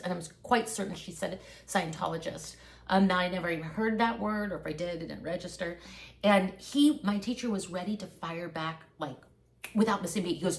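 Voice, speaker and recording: A woman's voice: mid-range voice, fairly quick. Casting note: woman, guest on a casual talk stream, loose storyteller who circles back and restarts often. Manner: rambling storyteller, many likes and restarts. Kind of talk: casual chat.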